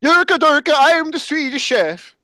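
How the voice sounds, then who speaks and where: A man playing a goofy male puppet chef who babbles gibberish in a high, sing-song voice. The sound is dry and close. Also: animated, moderate pace, pushed and bright, no echo, full character voice.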